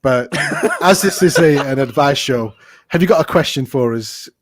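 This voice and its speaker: A man co-hosting a podcast in casual chat, jokey and quick to laugh as he teases a guest. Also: mid-range voice, expressive, dry recording. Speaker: podcast co-host.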